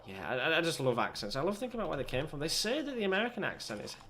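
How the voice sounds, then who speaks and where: A man's voice: on the high side, big pitch swings, rapid-fire, a bit bright, a little hiss or hum. A young British man chatting and rambling in a self-deprecating way while commentating his own gameplay. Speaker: gaming channel host. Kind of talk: let's play commentary.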